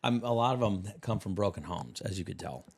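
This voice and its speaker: A man's voice: deep voice, lively intonation, a little fast, gravelly, a little hiss or hum. A man hosting a podcast, talking loosely and teasing his guests, with a lot of filler words. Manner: chatty, loose, teasing, lots of "like". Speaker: podcast host. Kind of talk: casual chat.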